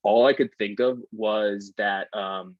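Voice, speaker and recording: A man's voice: fairly low pitch, steady tone, slow pace, no echo, dull audio. A man co-hosting a podcast, rambling in casual chat and saying "like" a lot. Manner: rambling, heavy use of "like". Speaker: podcast co-host.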